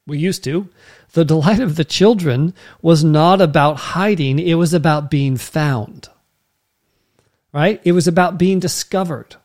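A man's voice: on the high side, creaky, a little mellow. A man preaching a sermon as pastor, in a conversational way that keeps checking in with the listeners.

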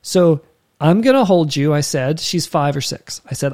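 A man preaching, telling a personal story with lively quoted dialogue and emphatic turns. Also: on the high side, normal speed. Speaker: pastor. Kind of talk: sermon storytelling.

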